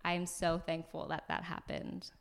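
A woman from Los Angeles, a podcast guest, telling a story in a chatty, animated way, full of likes and ums, recorded in an apartment. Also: sits low, normal speed, creaky. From Los Angeles, USA. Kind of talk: casual conversational storytelling. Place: floor of a new apartment.

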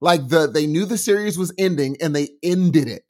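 A man's voice: a little high, moderate pace. A man co-hosting a podcast in casual chat, enthusiastic and acting out little quotes as he talks. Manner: animated, enthusiastic, acts out quotes. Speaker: podcast co-host.

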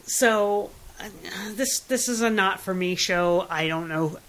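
A woman's voice: lowish voice, takes it slowly, fairly bright tone, rough recording. A woman co-hosting a podcast, chatting in an opinionated, casual way about TV shows. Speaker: podcast co-host. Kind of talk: casual chat reviewing TV and films.

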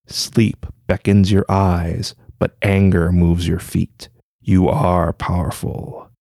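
A man's voice: deep voice, level tone, takes it slowly, creaky, dark tone, no room sound, clean studio sound, heavily acted. A man voicing a playful old male sage who giggles and teases. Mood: knowing. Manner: playful, knowing.

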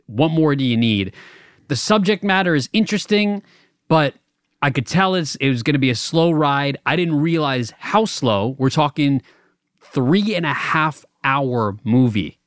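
A man's voice: on the high side, expressive, measured pace, no room sound, studio quality. Rambling young man telling a story. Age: young adult. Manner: rambling, stammers and restarts, laughs at own stories. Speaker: podcast co-host. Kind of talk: casual chat.

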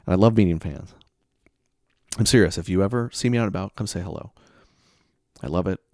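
A man's voice: low voice, a little fast, darkish tone, no room sound, studio quality. A man telling stories in a casual monologue, acting out both sides of conversations with sudden exasperated bursts. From American Heartland. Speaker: podcast host.

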